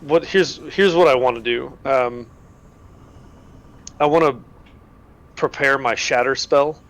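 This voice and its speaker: A man's voice: medium pitch, slow pace. A man playing a tabletop game, talking casually and rambling with many fillers and restarts. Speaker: player.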